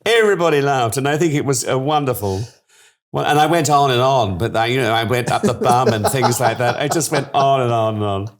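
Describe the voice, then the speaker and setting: Lively theatrical older man telling stories. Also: medium pitch, a little fast. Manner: theatrical, gushing storyteller who laughs a lot. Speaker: guest. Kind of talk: anecdotal interview chat.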